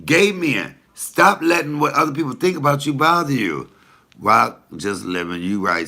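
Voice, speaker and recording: A man's voice: medium pitch, expressive, normal speed, gravelly, pushed and bright. A comedian talking casually to the camera, blunt, profane and preachy as he tells stories and gives advice.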